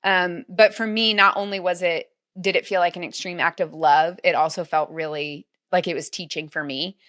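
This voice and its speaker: A woman's voice: fairly low pitch, steady tone, normal speed, a bit bright. A woman guest on a podcast, telling a personal story earnestly and peppering it with "like.". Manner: earnest, heavy use of "like" as filler. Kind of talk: storytelling in conversation.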